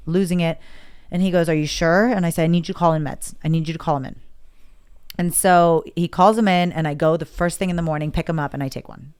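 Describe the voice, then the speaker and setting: Here a woman with a clean, lowish voice talks fast while telling a personal story on a podcast. Candid and emotional, she keeps slipping into lively impressions of what other people said as she tells it, interview-style.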